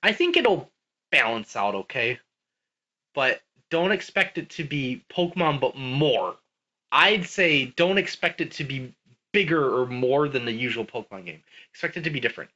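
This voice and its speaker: A man's voice: medium pitch, animated, normal speed, bright, forceful tone, highs cut off. A man co-hosting a podcast, talking casually and animatedly about games, swearing now and then. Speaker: podcast co-host. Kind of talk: casual gaming chat.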